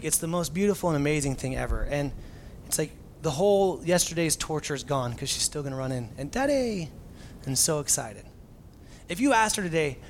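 Higher-voiced man preaching a casual sermon. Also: slight background noise. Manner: casual, self-mocking storytelling with fillers. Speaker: pastor.

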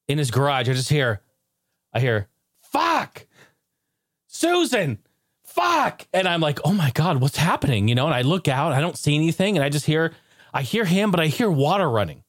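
A man hosts his own podcast, telling a loose, rambling funny story while laughing a lot and imitating a shouting neighbor, then covers the show's housekeeping. His voice is a little high. The studio sound is clean, with no echo.

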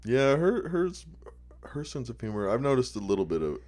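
A man's voice: medium pitch, very animated, moderate pace, darkish tone. A man chatting casually, telling funny anecdotes, laughing a lot and swearing casually. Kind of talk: casual chat.

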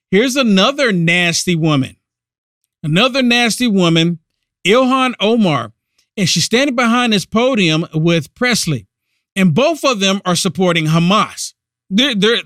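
A man's voice: high voice, fairly bright tone, no echo, studio quality. A man hosting a political podcast, giving indignant, emphatic commentary. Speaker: podcast host.

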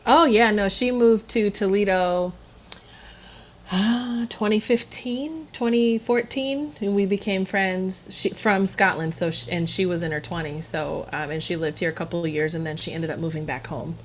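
A woman co-hosting a casual podcast, chatty and quick to laugh. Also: mid-range voice, fairly even intonation, a little hiss or hum. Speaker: co-host.

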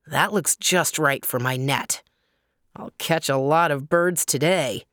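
A greedy hunter from a children's storybook gloats over his catch in a low, pleased voice, as a woman reading aloud puts him on. The delivery is slow and unhurried, the voice pitched well below her own, and the sound is dry and close. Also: a bit bright, dry recording. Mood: gloating.

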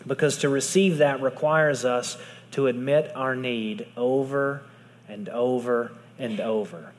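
A man preaching a sermon in earnest, dropping to soft hushed tones for emphasis. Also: medium pitch, steady tone, unhurried, long reverb tail. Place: large hall with audience.

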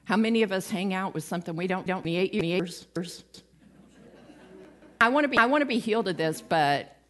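Brisk and medium-pitched, a woman preacher relays stories in a conversational sermon. She dramatizes the quoted lines with lively flair and keeps the humor light and self-deprecating.

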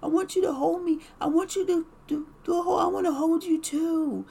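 A woman's voice: very high-pitched, fairly even intonation, moderate pace, creaky, warm tone, voice pushed up. A woman voicing her husband as a needy grown man who pleads like a small child, repeating himself. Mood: whiny pleading.

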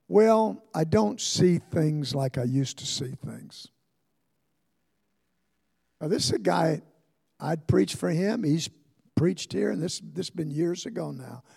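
An older man preaching a sermon as pastor, telling stories and building to fervent shouts. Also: fairly high pitch, creaky, husky. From Ohio, USA. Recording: long hall reverb.

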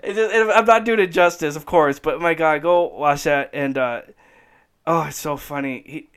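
Guy hosting a chat show, kinda high clear voice, laughs a lot and gets excited. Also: moderate pace. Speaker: podcast co-host. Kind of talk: casual chat.

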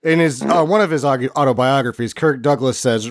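A man's voice: medium pitch, brisk, few pauses. A man co-hosting a comedy movie podcast, telling digressive stories in casual chat. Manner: storytelling, digressive, animated. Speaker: podcast co-host.

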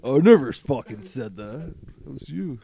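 A foul-mouthed man trading crude jokes with his friends, breaking into laughter as he goes. His pitch swings up and down a lot. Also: animated, normal speed, creaky, warm tone. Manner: laughs often, swears freely. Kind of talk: crude casual banter.

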